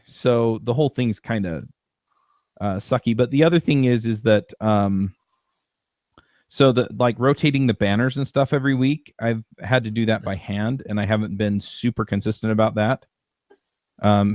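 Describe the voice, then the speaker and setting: Hosting a podcast, a man with a lowish, darkish-toned voice talks in a rambling, casual way, full of fillers and restarts. The recording is dry, with clean studio sound.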